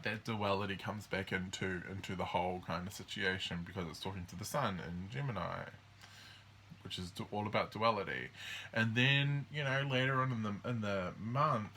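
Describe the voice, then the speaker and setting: Bright-voiced man rambling through astrology. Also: on the low side, slight background noise. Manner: rambling and hesitant, full of ums and restarts; acts out the signs in quick quoted voices. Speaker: astrology host. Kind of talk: casual monthly astrology walkthrough.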